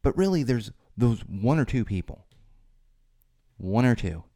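A man's voice: medium pitch, sing-song, measured pace, warm tone, dry recording, studio quality. A man hosting a solo podcast, talking in a rambling way with restarts and fillers, and getting more emphatic when he stresses a point. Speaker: podcast host.

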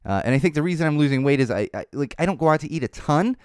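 Casual podcast host, male, tired, rambling; animated pitch, dry close recording. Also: rapid-fire, clean tone, dry recording. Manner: rambling, speaks off the cuff with tangents. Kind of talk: casual unscripted monologue.

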